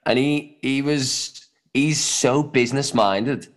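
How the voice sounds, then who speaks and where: A man's voice: medium pitch, slow pace. A young adult man co-hosting a casual podcast chat, rambling loosely with lots of "you know" and "man". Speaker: podcast co-host.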